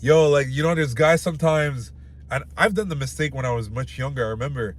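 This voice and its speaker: A man's voice: medium pitch, a little fast. A young man giving blunt dating advice straight to the camera in loose, casual talk full of filler words.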